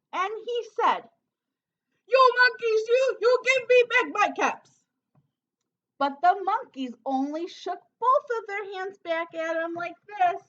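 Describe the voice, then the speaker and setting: A woman teacher reading a picture book aloud to children, pausing to ask them questions and prompt them to act along. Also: high voice, a bit bright, muffled recording. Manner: interactive, asks children questions. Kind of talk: storybook read-aloud for children.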